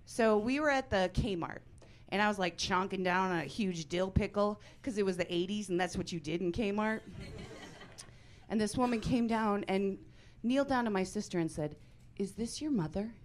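A woman in her forties performing a stand-up comedy set, with a dry deadpan delivery that breaks into loud bursts of mock outrage. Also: medium pitch, normal speed. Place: comedy club stage before a live audience.

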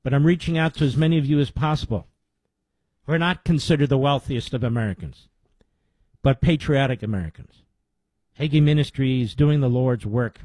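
A man hosting a talk radio show, reading a sponsor pitch in an emphatic, folksy way and repeating details slowly. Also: darkish tone, no echo. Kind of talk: live-read sponsor ad and commentary.

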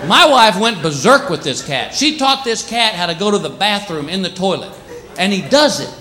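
A married man doing stand-up about his pets, animated, acting out the animals in squeaky voices. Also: normal speed. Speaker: stand-up comedian. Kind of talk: stand-up routine. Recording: live show with loud audience laughter. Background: audience laughter.

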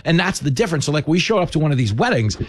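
An American man TV host chatting casually, emphatic and animated as he makes his points. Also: a little high, racing, breathy edge, dry recording. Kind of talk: casual chat.

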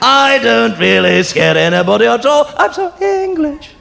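A man on stage putting on a campy, exaggerated English character in a high, sing-song mock accent. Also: big pitch swings, normal speed, creaky, sharp tone, faint music behind, full character voice. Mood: prissy, mocking. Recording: echoey hall with crowd laughter.

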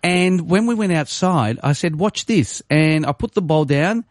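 A man's voice: a little high, normal speed, no room sound, clean studio sound. A male radio host, telling a story in casual chat and acting out the people in it. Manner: animated, swings into quoted voices, laughs easily. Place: radio studio.

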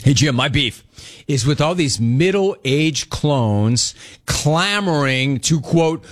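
A man's voice: a little high, expressive, slow. A middle-aged man hosting a live call-in show, reading viewer messages aloud in a brash, jokey, teasing manner. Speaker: talk show host.

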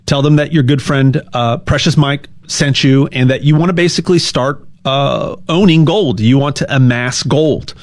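A man giving a casual, rambling sales pitch, stumbling over repeated words and cracking jokes. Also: normal speed, few pauses. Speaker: gold sales ad host.

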